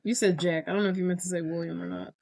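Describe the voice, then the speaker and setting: A woman's voice: on the low side, fairly even intonation, rapid-fire, vocal fry, darkish tone, no echo, clean studio sound. A woman co-hosting a podcast, playfully chiming in with corrections and acted lines during a movie chat. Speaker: podcast co-host.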